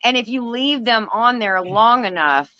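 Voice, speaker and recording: A woman's voice: a little high, animated, measured pace, sharp tone, no echo, lo-fi sound. A woman calling in to a chat show over a video call, chatty and gushing. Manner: chatty and gushing, laughs often. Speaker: viewer calling in. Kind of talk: casual chat.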